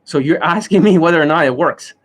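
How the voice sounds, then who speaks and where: A man's voice: fairly high pitch, brisk. A middle-aged man, a dating coach, holding a loose, boastful live-stream rant, swearing freely and often breaking into laughter. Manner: boastful, profane, keeps bursting into laughter.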